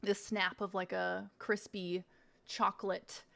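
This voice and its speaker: A woman's voice: medium pitch, level tone, slow, gravelly, fairly bright tone. A woman streamer chatting casually while she tastes snacks on a live stream, self-mocking and swearing freely.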